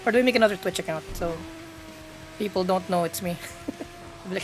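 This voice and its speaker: A woman's voice: fairly low pitch, brisk, long pauses, noisy background. A young woman, chatting playfully to her live-stream audience while gaming and laughing often.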